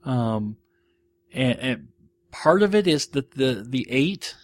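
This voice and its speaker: A man hosting a podcast, talking through listener questions in a loose, rambling monologue. He is quick to poke fun at himself, and his voice sits in an ordinary middle pitch. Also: big pitch swings, no room sound. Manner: rambling, self-deprecating. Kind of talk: casual monologue.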